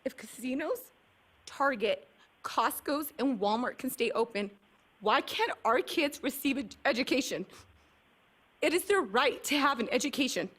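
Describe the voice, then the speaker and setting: A woman's voice: high-pitched, animated, moderate pace, a bit bright. A woman giving an earnest, emotional public comment as a parent at a county meeting, speaking into a podium microphone. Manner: earnest and emotional, slightly shaky. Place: county commission meeting room.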